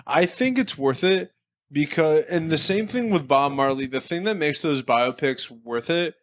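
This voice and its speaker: Slightly high-voiced young man, dry mic. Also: expressive, measured pace, no echo. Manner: rambling, laughs often, trails off. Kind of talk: casual comedic chat.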